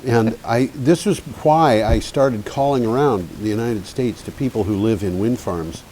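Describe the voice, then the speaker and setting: A man's voice: mid-range voice, moderate pace, dark tone. A man co-hosting an energy news show, chatting casually and telling stories with frequent laughs. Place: community TV studio. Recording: faint hiss.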